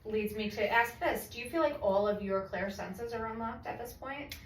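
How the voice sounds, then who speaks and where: A woman's voice: on the high side, normal speed. A woman co-hosting a podcast, reacting expressively and asking questions in a casual chat. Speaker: podcast co-host. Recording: echoey room, far from mic, faint noise.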